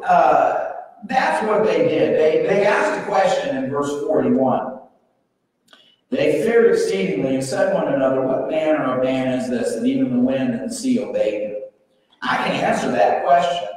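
A man's voice: a little high, animated, moderate pace, a little mellow. A man preaching a sermon as pastor, telling the story in a folksy, humorous way and acting out the voices. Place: church sanctuary. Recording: echoey hall, mic far off.

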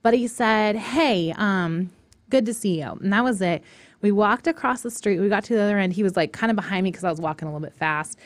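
A woman in her thirties hosting a live talk show, telling a personal story in a casual, animated way and acting out what others said. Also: mid-range voice, fairly quick, no room sound.

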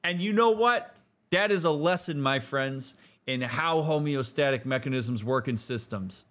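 A man giving casual, animated let's-play commentary as a therapist, talking in slang with restarts and leaping into excited outbursts. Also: medium pitch, unhurried. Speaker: therapist commenting on a video game.

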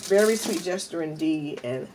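A woman's voice: deep voice, expressive, moderate pace, very noisy. Chatty woman vlogger talking while eating. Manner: chatty, addresses viewers often as "y'all". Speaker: mukbang vlogger. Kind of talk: casual storytelling while eating. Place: at home.

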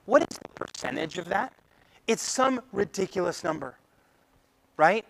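Guy giving a meetup talk, kinda high voice with some gravel, acts out client chats. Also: measured pace, noisy background. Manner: animated, acts out client conversations. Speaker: meetup speaker. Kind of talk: live presentation to a meetup audience. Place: meetup room.

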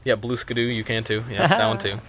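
A young man co-hosting a let's play, joking loudly and swearing while gaming. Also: mid-range voice, brisk, a little hiss or hum. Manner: loud, profane, jokey, puts on silly voices. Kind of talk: casual gameplay banter.

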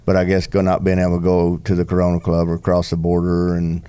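A man's voice: low-pitched, monotone, fast talker, dark tone, clean tone. A man, a former bull rider telling a rambling story on a podcast, full of restarts and country slang.

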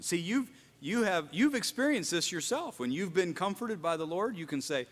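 A man's voice: high voice, expressive, moderate pace, fairly bright tone, in a large hall. A man preaching a sermon at a house church, earnest, often repeating and restarting his phrases and rising for emphasis. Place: house church meeting room.

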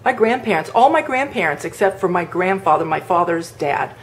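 A woman's voice: lowish voice, expressive, fairly quick, slight background noise. A woman from the northern United States hosting a home cooking video, chatting casually as she demonstrates a recipe, with fillers and rambling asides.

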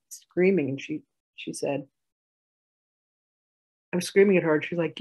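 A woman telling a personal story in a healing session, animated, acting out arguments and laughing. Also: low-pitched, a little slow, pauses often, husky, dull audio.

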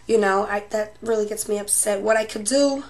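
A woman's voice: medium pitch, fairly quick, darkish tone. A woman vlogger chatting emotionally to her viewers and calling them "babes", while she is losing her voice. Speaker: paranormal vlogger. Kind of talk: casual chat to viewers.

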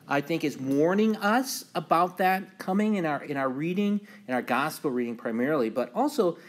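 Pastor, male, slightly high voice, relaxed Bible class teacher, loose and filler-heavy. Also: moderate pace. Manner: relaxed, many ums and uhs, reads scripture aloud with emphasis.

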